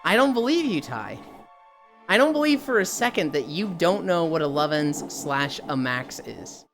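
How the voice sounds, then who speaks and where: A woman's voice: deep voice, very animated, normal speed, over music. A young woman streamer chatting casually with her viewers, telling stories animatedly and slipping into mocking impressions. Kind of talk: casual chat with chat readers.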